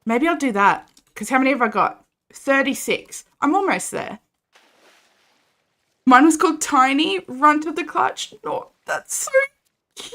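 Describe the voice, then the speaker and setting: A woman's voice: a little high, a bit bright. A young Australian woman chatting casually and animatedly while streaming a game, reading chat and laughing often.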